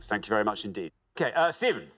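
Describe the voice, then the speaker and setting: A man's voice: fairly low pitch, sing-song, very fast, a bit bright. A man hosting a TV quiz show, reading clues and bantering with contestants in a jovial, teasing way. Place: TV studio.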